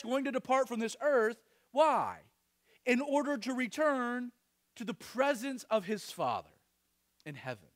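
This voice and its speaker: A man's voice: high-pitched, fairly bright tone. A man preaching a sermon as pastor, earnest and emphatic.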